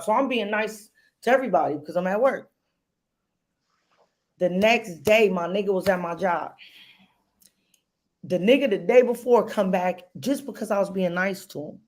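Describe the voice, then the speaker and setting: A woman speaks in casual podcast chat, blunt and loose with her swearing. Her voice sits at a middle pitch. She builds her points into stories. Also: darkish tone. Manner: blunt, profane storytelling.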